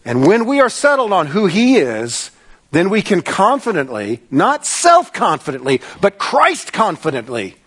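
A man pastor delivering a sermon, earnest, with slow emphatic pauses. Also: high-pitched, wildly swooping pitch, fairly bright tone, slightly rough.

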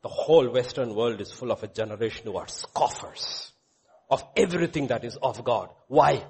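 A man preaching a sermon, animated, swinging between loud exclamations and quiet asides, joking with the congregation. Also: mid-range voice, normal speed, breathy edge. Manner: jokes with the congregation, calls on children by name. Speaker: pastor.

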